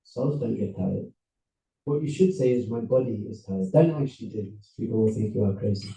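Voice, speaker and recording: A man, a rabbi, giving an animated storytelling talk to a seminar audience, acting out characters as he goes. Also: lowish voice, a little fast, vocal fry, reverberant, distant mic, rough recording. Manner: animated, acts out characters with voices and laughs. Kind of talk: lively storytelling lecture.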